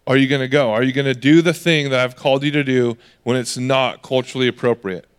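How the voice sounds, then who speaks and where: A man preaching a conversational sermon as pastor, animated and lively, slipping into the voices of the people he quotes. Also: medium pitch, fast talker, clean tone.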